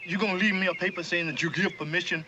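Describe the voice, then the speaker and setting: An actor playing a fawning old enslaved fiddler. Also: male voice, high-pitched, fairly even intonation, racing, dull audio, noisy background, close to an everyday voice. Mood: anxious. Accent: American Southern. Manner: drawling Southern dialect, pleading then scolding. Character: older enslaved male fiddler, fawning to master, harsh to newcomer. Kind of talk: period film drama.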